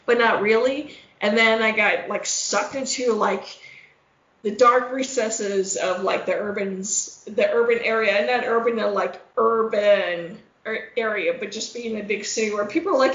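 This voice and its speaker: A woman chatting casually, slipping into exaggerated voices to act out her stories and swearing freely as she goes. Her voice sits a little high. The recording is roomy and echoey, with a dull, lo-fi tone. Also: moderate pace. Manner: animated storyteller, acts out voices, curses freely. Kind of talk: casual chat. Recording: roomy echo, dull lo-fi sound.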